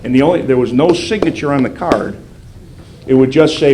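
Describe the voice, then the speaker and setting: A man's voice: medium pitch, fairly quick. An older man, a federal agent, telling a story to police recruits and acting out the voices he quotes. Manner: animated, acts out quoted voices. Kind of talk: storytelling speech. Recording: roomy hall sound, faint background noise.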